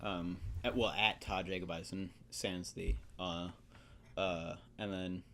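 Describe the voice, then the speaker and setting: A man's voice: deep voice, steady tone, takes it slowly, fairly bright tone, a little hiss or hum. A man co-hosting a casual comedy chat, hesitant and chuckling as he speaks. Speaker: co-host.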